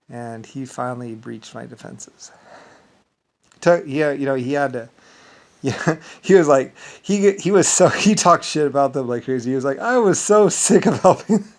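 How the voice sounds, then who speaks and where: A man telling a story in a rambling casual monologue, full of halting restarts and repeated filler words. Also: mid-range voice, rough recording.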